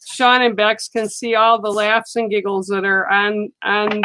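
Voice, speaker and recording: A woman giving a live card reading to viewers, speaking in a slow, soothing and reassuring way, often checking in with "okay?". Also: medium pitch, little pitch movement, background noise. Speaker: psychic card reader on a livestream. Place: studio.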